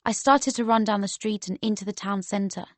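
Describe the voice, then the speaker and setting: A woman narrating a first-person romance audiobook in a steady storytelling manner. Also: medium pitch, moderate pace, no room sound.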